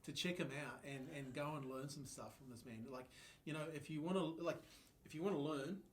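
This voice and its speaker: A man hosting a business podcast, enthusiastic and quick to agree, often trailing off mid-sentence. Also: a little high, slight background noise. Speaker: podcast host. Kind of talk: casual podcast conversation.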